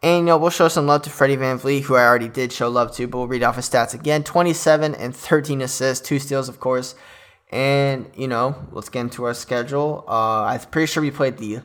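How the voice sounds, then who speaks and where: A young man talks through a game recap on his own podcast, loose and filler-heavy like an excited fan. His voice has a bright, forceful edge. He sits at a middling pitch for a man. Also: a little fast. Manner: chatty, filler-heavy, enthusiastic fan talk. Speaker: podcast host. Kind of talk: casual solo sports recap podcast.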